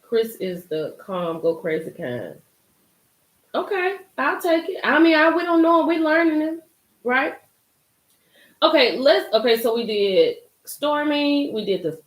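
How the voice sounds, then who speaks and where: A young woman hosting a live recap chat, animated and excitable, talking straight to her viewers by name. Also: mid-range voice, roomy sound. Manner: animated, gets hyped and loud, talks to chat by name. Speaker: livestream host recapping a reality show.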